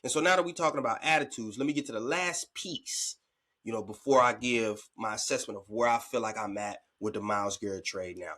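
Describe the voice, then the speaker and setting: Bright, slangy sports podcast host. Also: male voice, on the low side, a little fast. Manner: animated, conversational, slangy, acts out players' reactions. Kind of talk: casual commentary.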